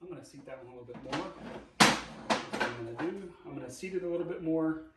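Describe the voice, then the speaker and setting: A man's voice: fairly high pitch, quick pace, roomy sound, distant mic, very noisy. A man hosting a DIY car repair video in his garage, talking casually and joking as he explains each step aloud. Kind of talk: casual how-to narration while working. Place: home garage.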